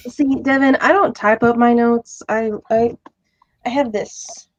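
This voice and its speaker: A woman's voice: on the high side, fairly even intonation, unhurried, no room sound, highs cut off. A young woman chatting casually about everyday errands, matter-of-fact. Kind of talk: casual chat.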